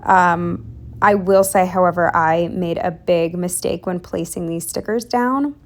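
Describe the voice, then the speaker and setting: A woman's voice: fairly low pitch, unhurried. A young woman recording a casual voiceover for a planning video. She sounds exhausted and exasperated, rambles, and drops into whispers. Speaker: planner vlogger.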